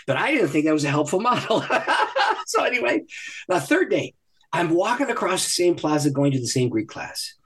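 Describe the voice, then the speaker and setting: A man who is a guest on a podcast, telling a personal story in an animated way and laughing often. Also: fairly high pitch, moderate pace, slightly rough. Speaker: podcast guest, ministry leader. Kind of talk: storytelling in a conversation. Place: podcast recording.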